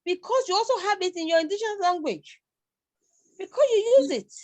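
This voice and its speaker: Nigerian woman, middle-aged lecturer, high lively voice, emphatic and repetitive, dry sound. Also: brisk, dry recording. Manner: emphatic, questioning, repeats herself. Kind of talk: live online class discussion.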